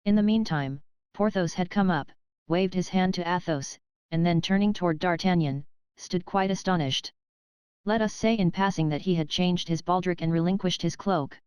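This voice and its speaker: Very smooth-voiced woman narrating an audiobook. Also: fairly low pitch, no room sound, low-quality recording. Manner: even, measured reading. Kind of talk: scripted narration. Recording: dry close studio sound.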